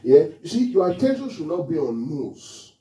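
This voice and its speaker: A man preaching to a congregation, his fairly high voice leaping up and down with each point. His tone is mellow and dark, and he keeps asking the room questions. He is heard from some distance in a roomy, echoing hall. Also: sing-song, normal speed. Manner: questions the congregation often, call and response. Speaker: pastor. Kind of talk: sermon. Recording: echoey hall, mic far off.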